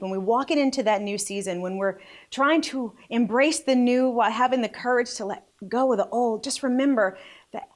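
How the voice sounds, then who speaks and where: A woman in her forties hosting a casual faith vlog, chatty and quick to laugh at herself. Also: fairly high pitch. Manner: chatty, laughing, self-deprecating. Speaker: vlog host.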